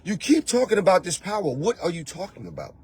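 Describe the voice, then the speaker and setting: Man, high-pitched, repetitive emphatic speaker, spiritual coach monologue. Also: sing-song, fast talker, darkish tone, breathy edge. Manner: emphatic, preachy, repeats phrases; talks straight to the listener with rhetorical questions. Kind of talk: motivational monologue.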